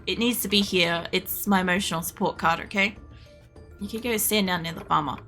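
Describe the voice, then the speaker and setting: Woman streamer with a bright, crackly voice; loose, sweary running chatter over her game. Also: fairly low pitch, a little fast, soft background music. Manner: rambling, chatty, swears freely; yells excitedly at the game. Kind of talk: casual live-stream chatter while gaming. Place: home room with air conditioning.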